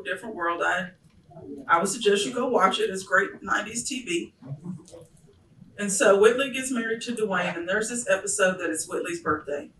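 A woman minister preaching a sermon, telling a story casually and then rising to fervent, shouted preaching. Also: mid-range voice, slight background noise. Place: church sanctuary. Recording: echoey church from a distant mic.

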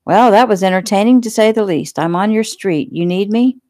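A woman's voice: mid-range voice, fairly quick, warm tone, no echo, clean studio sound, pitched above the performer's own voice, natural voice. A woman reading the lines of a wry, amused man on the phone in a casual audiobook.

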